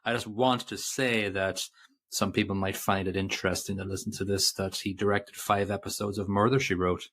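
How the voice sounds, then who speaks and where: Man, fairly low voice, casual podcast co-host, rambling movie chat, starts and restarts. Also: little pitch movement, normal speed, fairly bright tone, slight background noise. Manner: rambling, self-interrupting, reads quotes aloud.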